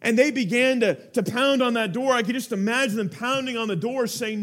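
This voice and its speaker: A man's voice: extremely high pitch, a little fast, hardly any pauses, a bit bright. A man preaching a sermon, telling a story with earnest feeling and building to urgent appeals to his listeners.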